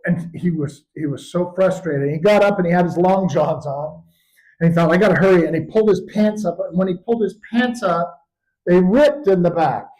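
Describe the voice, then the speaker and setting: An older man telling stories in an animated, expressive way at a live storytelling performance. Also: sits high, normal speed, low-quality recording.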